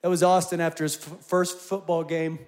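A man in his forties preaching a sermon, telling personal stories in an animated way and rising to loud, emphatic peaks. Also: a little high, a little fast. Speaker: pastor.

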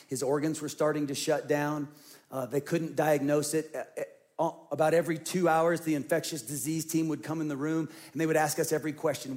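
A middle-aged man delivers a sermon as senior pastor, his voice sitting somewhat high for a man. He speaks earnestly and tends to repeat phrases as he tells a personal story. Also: darkish tone.

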